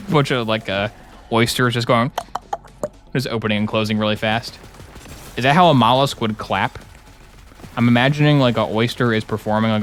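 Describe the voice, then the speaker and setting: A man's voice: medium pitch, animated, moderate pace, long pauses, fairly bright tone, soft background music. A young man joking and rambling through casual commentary while streaming a game. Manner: joking, rambling, playful asides.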